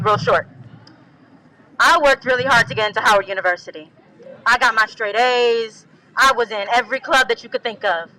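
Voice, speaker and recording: A woman's voice: a little high, sharp tone, low-quality recording. A young woman student giving an emphatic, rallying protest speech on a handheld mic at an outdoor gathering. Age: young adult.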